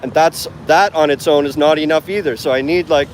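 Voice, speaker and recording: A man walks along a city street, talking into a phone he holds in his hand during a live stream. His voice sits slightly high. His chat is loose and full of fillers, and faint traffic hum runs behind him. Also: fairly even intonation, fairly quick. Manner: rambling, chatty, lots of fillers. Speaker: English teacher and vlogger. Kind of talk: casual live-stream chat while walking. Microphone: phone camera held while walking.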